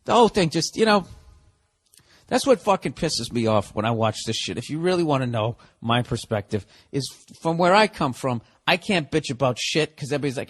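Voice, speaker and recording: A man's voice: medium pitch, animated, brisk, husky. A man hosting a comedy podcast, delivering a casual monologue of profane, exasperated ranting.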